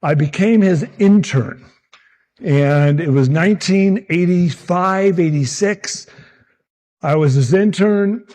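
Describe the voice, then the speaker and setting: A man in his sixties, a meteorologist telling animated stories about his early career and acting out the people he quotes. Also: fairly high pitch. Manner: animated anecdotes, acts out quotes. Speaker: meteorologist speaker at a summit. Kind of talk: storytelling talk.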